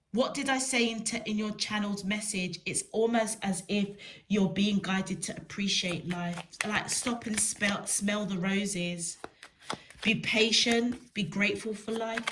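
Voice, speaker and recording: A woman giving a spiritual tarot reading, slow and emphatic, repeating words for stress. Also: medium pitch, fairly bright tone, slight background noise. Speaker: tarot reader.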